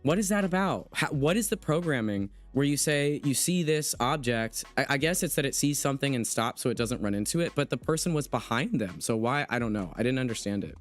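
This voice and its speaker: A man's voice: mid-range voice, animated, a little fast, hardly any pauses. A man hosts a casual livestream conversation, his voice sitting in a middle register. He talks in an emphatic, impassioned way and breaks off to read comments from the chat. Faint music plays underneath. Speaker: livestream host interviewing a guest.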